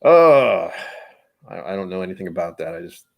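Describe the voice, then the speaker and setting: A man hosting a casual livestream, chatting and rambling, often trailing off into quiet asides. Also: sits low, sing-song, normal speed, vocal fry. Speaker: livestream host.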